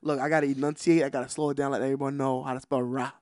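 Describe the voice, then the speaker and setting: A man's voice: medium pitch, level tone, racing. A man, co-hosting a podcast in casual chat, telling laid-back, slangy stories and laughing often. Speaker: podcast co-host.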